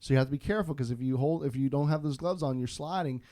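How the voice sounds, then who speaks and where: A man from Florida, a podcast guest, telling a story in a casual, animated, self-deprecating way with frequent restarts. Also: mid-range voice, fast, no room sound.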